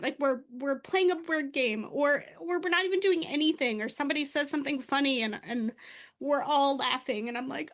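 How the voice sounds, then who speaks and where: A woman's voice: high-pitched, brisk. A woman in her thirties hosting a casual podcast, chatty and a little emotional as she talks. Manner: warm-hearted, emotional, chatty. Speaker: podcast host. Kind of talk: casual conversational interview.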